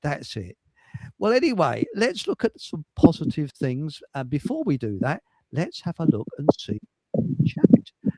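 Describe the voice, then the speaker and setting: A rambling, cheeky man hosting a home livestream, his voice sitting a little high for a man. He swears freely and keeps cracking himself up. The sound is close and dry. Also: wildly swooping pitch, a little slow, mellow, no echo, poor audio. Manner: rambling, cheeky, laughs at own jokes, swears. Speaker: livestream host. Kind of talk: casual chat.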